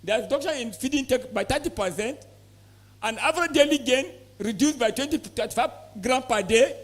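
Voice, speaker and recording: High-voiced Nigerian man lecturing farmers. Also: animated, brisk. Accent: Nigerian English. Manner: emphatic, quizzes audience with repeated questions. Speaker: poultry expert presenter. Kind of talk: conference talk to farmers. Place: conference hall.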